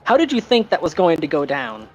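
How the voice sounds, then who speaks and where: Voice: medium pitch, sing-song, fairly quick, highs cut off, a little hiss or hum. A streamer chatting casually during a gaming stream, cheering on in-game events.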